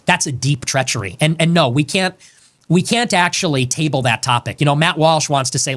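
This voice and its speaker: Heated, high-voiced male commentator. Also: brisk, fairly bright tone. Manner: angry, combative, emphatic, repeats lines for effect. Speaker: political commentator hosting his own show.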